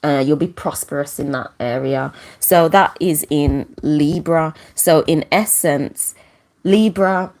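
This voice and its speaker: This woman's voice sits low with a darkish tone and a slow pace as she hosts a casual live astrology talk for her astrology channel. Rambling, full of fillers and restarts, she is close to tears and laughs between her points; a camera mic records her.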